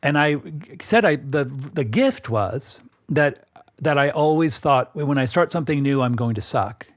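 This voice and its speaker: A man in his fifties, co-hosting a podcast, talks about personal matters in a reflective, halting way with many restarts. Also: medium pitch, expressive. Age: 50s. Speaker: podcast co-host. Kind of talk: casual personal conversation.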